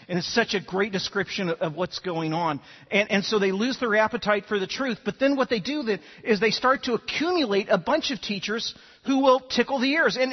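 Telling stories in a lively sermon, this male pastor tends to repeat words at the start of his sentences. He has a high voice with a breathy edge, and the lo-fi recording has a long reverb tail.

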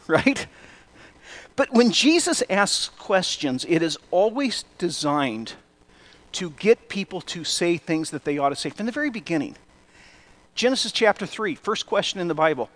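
Speaking at normal speed, this middle-aged pastor has a high voice and keeps his sermon easygoing and conversational. He slips in dry, self-deprecating remarks along the way.

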